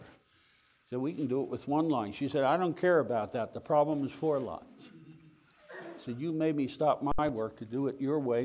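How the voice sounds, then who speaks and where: An older man tells a story to an audience in a wry, animated way, slipping into the back-and-forth of the dialogue. His pitch sits in an ordinary middle range for a man. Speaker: speaker telling a story to an audience. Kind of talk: anecdotal storytelling talk.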